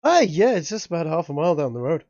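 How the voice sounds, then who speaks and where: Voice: mid-range voice, very animated, fast, a little mellow, no echo, close to an everyday voice. A game master voicing a chatty, friendly barman who rambles on. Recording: dry, slightly muffled recording.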